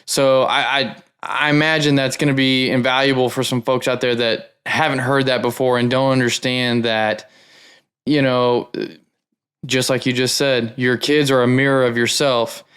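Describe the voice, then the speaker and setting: Host: man with a smooth, resonant voice, eager and casual, stumbles over repeated words. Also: mid-range voice, level tone, moderate pace, fairly bright tone. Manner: enthusiastic, repeats words, says "man" often. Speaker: podcast host. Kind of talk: conversational podcast interview.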